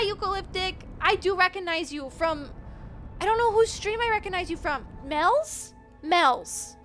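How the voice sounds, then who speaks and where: A woman's voice: very high-pitched, normal speed, pushed and bright. A woman in her twenties streaming a game live, chatting casually, reading chat aloud and laughing often.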